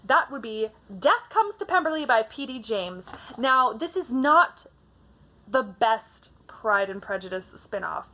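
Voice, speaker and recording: A young woman from Canada chatting casually about her favourite books, animated and full of fillers. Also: fairly high pitch, measured pace. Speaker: book vlogger. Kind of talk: casual book tag chat.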